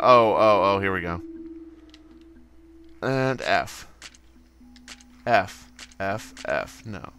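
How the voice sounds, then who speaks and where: A man's voice: on the low side, very slow, long pauses, pushed and bright, soft background music. A man casually commenting on his own gameplay, goofy and swearing, with silly sound effects. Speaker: let's play host.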